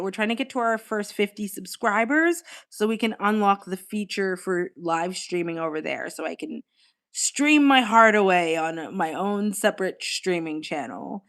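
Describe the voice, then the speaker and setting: Chatty young woman live streaming. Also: lowish voice. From Australia. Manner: chatty, laughs often, swears casually. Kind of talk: casual live-stream chat.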